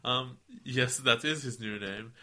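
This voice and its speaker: A man co-hosts a relaxed podcast and reads out a long listener email. His voice sits at an ordinary pitch and sounds very bright and forward. He stumbles into silly accents and keeps laughing. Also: unhurried. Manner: reads aloud, slips into put-on accents, laughs often. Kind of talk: casual podcast chat.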